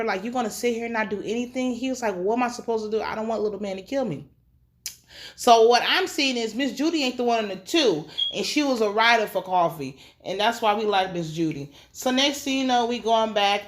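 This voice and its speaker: A woman recapping a TV episode in a casual, slangy way, swearing freely and acting out the characters' lines. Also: medium pitch. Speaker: TV episode reviewer.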